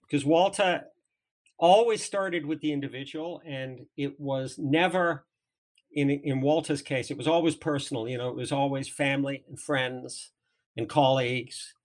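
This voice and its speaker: A man's voice: mid-range voice, steady tone, normal speed. English guy from the south talking it out on a podcast, lots of uhs and restarts. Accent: South of England. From England. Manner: rambling, many restarts and fillers. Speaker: interview guest, former trade magazine editor. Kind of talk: conversational podcast interview.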